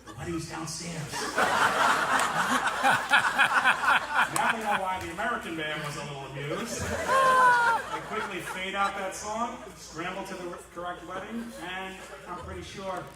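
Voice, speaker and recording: A man giving a comic roast speech in a large banquet hall, telling stories in a lively way and acting out the characters. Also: sits high, slow, pauses often, very noisy. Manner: lively storyteller, acts out the characters. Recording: echoey hall, distant mic.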